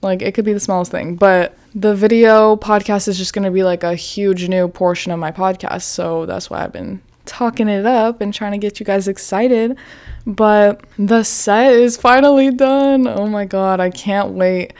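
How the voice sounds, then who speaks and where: A woman's voice: medium pitch, fairly even intonation, moderate pace, a little mellow, clean tone. Giggly young woman podcast host. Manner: chatty, giggly, swears freely, lots of "like". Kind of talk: casual solo podcast chat.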